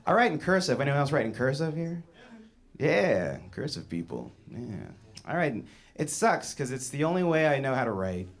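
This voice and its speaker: A man doing a stand-up comedy set, animated, dropping to hushed asides and rising to shouted punchlines. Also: medium pitch, moderate pace. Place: comedy club stage with audience laughter.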